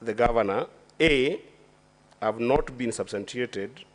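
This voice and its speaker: A man with a Kenyan accent, a senator questioning a witness at a formal hearing, speaking deliberately with many fillers and restarts in a senate chamber. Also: medium pitch.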